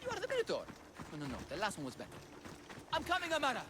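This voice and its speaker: A man's voice: extremely high pitch, huge pitch swings, racing, noisy background, exaggerated voice. An actor playing a bumbling, boastful father in a bull costume, theatrical and comic. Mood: flustered. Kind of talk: game cutscene acting. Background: game score music.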